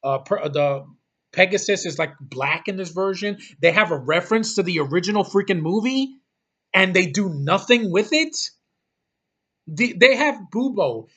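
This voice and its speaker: A man's voice: sits high, lively intonation, moderate pace, a bit bright, highs cut off. A man ranting about a movie in a casual, blunt, exasperated way, swearing often and rambling through restarts. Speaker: movie reviewer.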